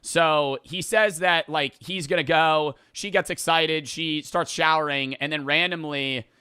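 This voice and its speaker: A man's voice: a little high, fairly even intonation, a little slow, pushed and bright, clear, resonant tone, no echo, studio quality. A man casually recapping a movie plot, rambling and profane, laughing as he goes. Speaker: podcast host.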